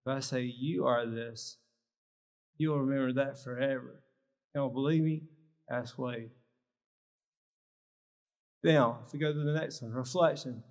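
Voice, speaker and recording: At a health symposium held in a large church hall, a man gives a live workshop talk in short, emphatic phrases, with a medium-pitched, steady voice at normal speed and long pauses. The hall's long reverb carries through the recording.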